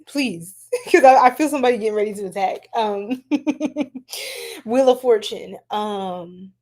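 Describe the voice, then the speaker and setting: A young woman hosting a casual tarot-reading livestream, chatty and quick to laugh, talking straight to her chat. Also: fairly high pitch, lively intonation, a little mellow. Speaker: tarot reader, livestream host.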